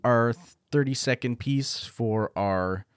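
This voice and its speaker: A man's voice: medium pitch, takes it slowly, clear, resonant tone, dry recording, clean studio sound. A man co-hosting a podcast in casual chat, venting bluntly and swearing as he talks. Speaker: podcast co-host.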